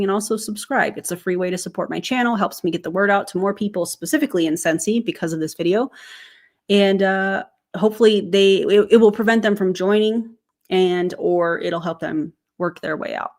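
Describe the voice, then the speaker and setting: A woman's voice: mid-range voice, brisk. A woman hosting a reaction commentary video, chatting to viewers and working through calculations step by step. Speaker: YouTube commentator.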